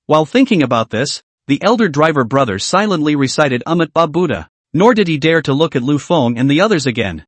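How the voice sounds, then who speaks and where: A man's voice: on the high side, very animated, a little fast, hardly any pauses, dry recording. A man narrating a comic story in a plain storytelling manner.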